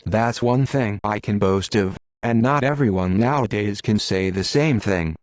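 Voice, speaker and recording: A man's voice: lowish voice, a little slow, a little mellow, no echo, lightly acted. A man reading the lines of a poor, bitter, self-pitying innkeeper in an audiobook. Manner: complaining, sighing talk.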